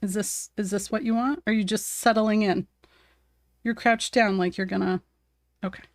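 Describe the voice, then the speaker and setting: A woman's voice: mid-range voice, steady tone, normal speed, no room sound, studio quality. A woman chatting casually on a live art stream while she paints at her home desk, talking to her cat and viewers and laughing often.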